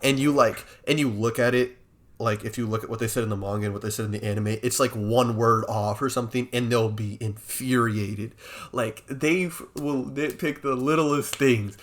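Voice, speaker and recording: A man's voice: medium pitch, normal speed. Rambling young man chatting casually. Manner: animated, rambling with many fillers. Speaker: podcast co-host. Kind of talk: casual chat.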